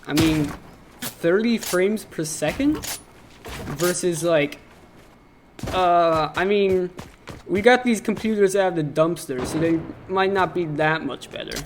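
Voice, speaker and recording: A young man doing deadpan, joking play-by-play commentary for an amateur game tournament. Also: high voice, slow, noisy background. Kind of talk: joking esports commentary over gameplay. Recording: game music under the voice.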